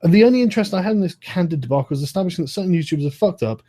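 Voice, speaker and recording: A man in his thirties argues on a live stream, his voice high and very lively as his pitch swings around. He talks fast and heatedly, swears freely and keeps cutting his own sentences short. His tone is dark and a little husky. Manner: swears a lot, rants, interrupts himself.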